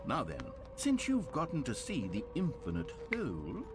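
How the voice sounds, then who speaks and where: A man's voice: mid-range voice, wildly swooping pitch, moderate pace, over music. An actor playing a pompous, self-satisfied game narrator who proudly shows off his inventions. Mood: pleased. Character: smug British male narrator of a game.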